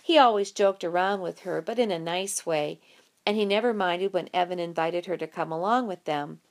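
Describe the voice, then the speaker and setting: A woman narrating an audiobook in a lively, expressive storytelling way. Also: on the low side, normal speed.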